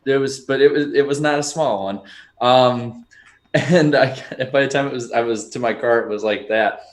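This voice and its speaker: A man's voice: mid-range voice, normal speed. A young man hosting a podcast, telling stories in casual chat with lots of restarts and fillers. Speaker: podcast host.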